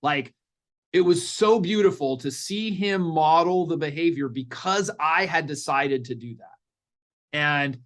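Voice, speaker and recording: A middle-aged man, a parenting coach guest in a podcast interview, telling stories in an animated way and acting out what people said. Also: a little high. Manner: animated storyteller, acts out quotes.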